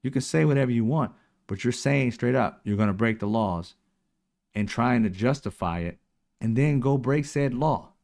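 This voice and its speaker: A man's voice: medium pitch, moderate pace, vocal fry, darkish tone. A man hosting a casual political livestream, talking emphatically and mocking his opponents in put-on quotes. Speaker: political commentary show host.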